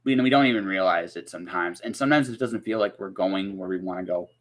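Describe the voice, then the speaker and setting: A man's voice: sits low, fast talker. A man hosting a casual interview podcast, talking in loose rambling runs with many restarts and "right?" tags. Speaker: podcast host.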